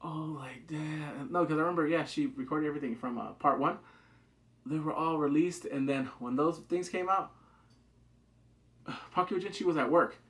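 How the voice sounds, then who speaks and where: Guy with a kinda high voice recapping a show, gets all hyped and does the characters' lines. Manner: excitable, acts out characters' lines in quick asides. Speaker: TV drama reviewer. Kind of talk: casual recap review.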